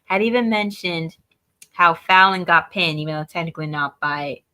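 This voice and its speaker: Podcast co-host, woman, somewhat low pitch with crisp bright tone, matter-of-fact recap delivery. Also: normal speed. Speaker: co-host of a wrestling review show.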